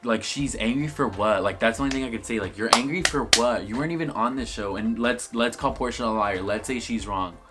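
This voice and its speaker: A man's voice: medium pitch, brisk, few pauses, music in the background. A young man giving a casual, sassy review of a reality TV episode, swearing freely. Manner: sassy, swears a lot, acts out the cast in quotes. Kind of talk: casual vlog commentary.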